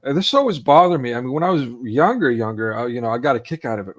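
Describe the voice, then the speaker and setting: With a fast, animated, mid-range voice, a man in his forties co-hosts a laid-back online talk on a video call. He's earnest and gets worked up emotionally, repeatedly restarting his sentences.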